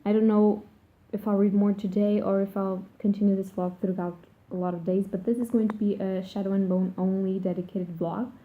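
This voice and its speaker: A woman's voice: mid-range voice, flat delivery, fairly quick. A woman vlogger chatting casually about a book she is reading, rambling and swearing freely. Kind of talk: casual vlog chat. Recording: tinny phone-like sound.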